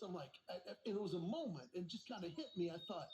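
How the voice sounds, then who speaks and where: A man's voice: sits high, sing-song, rapid-fire, few pauses, a little mellow, roomy sound, a little hiss or hum, poor audio. A man in his forties doing a stand-up comedy set, telling family stories, acting out the voices in them and talking to the audience. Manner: storytelling, acts out quoted voices, talks to audience. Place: stage before a live audience.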